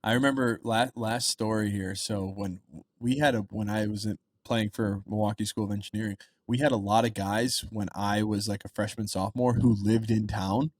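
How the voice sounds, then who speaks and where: A man's voice: on the low side, fairly even intonation, normal speed, few pauses, dry recording. A young man in his twenties co-hosting a podcast, chatting casually and rambling with plenty of fillers. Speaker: podcast co-host. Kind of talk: casual chat.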